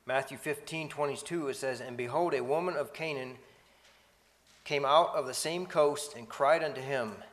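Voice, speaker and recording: A man reading Bible passages aloud and commenting on them, with halting restarts. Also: medium pitch, long reverb tail.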